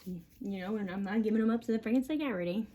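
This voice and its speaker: Profane, rambling woman with a mellow voice. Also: mid-range voice, quick pace. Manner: profane, agitated, rambling, laughs between lines. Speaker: mother venting on camera. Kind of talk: rambling monologue.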